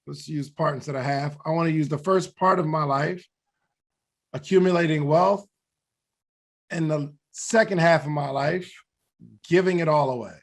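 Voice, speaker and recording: A podcast co-host with a high-leaning, gravelly, somewhat bright voice talks through goals in a motivational way. He's earnest and reflective, laughing at himself now and then.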